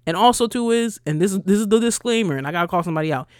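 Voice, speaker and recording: A woman's voice: expressive, rapid-fire, no room sound, clean studio sound. Blunt, profane woman from New ranting. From New York, USA. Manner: blunt, profane, exasperated, swings loud and high when riled. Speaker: podcast host. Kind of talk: casual ranting monologue.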